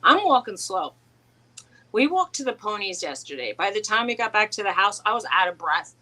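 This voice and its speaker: A woman's voice: medium pitch, very animated, fairly quick, sharp tone, rough recording. A middle-aged woman co-hosting a casual chat, telling rambling stories with frequent restarts and laughs. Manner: rambling storyteller, laughs often, many restarts. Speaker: co-host.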